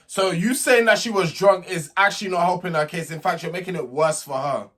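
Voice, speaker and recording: In a casual vlog, a young man with a high, light, slightly bright voice rants through a reality TV recap at a fairly quick clip. He sounds sassy and indignant, frequently tripping over and repeating his words.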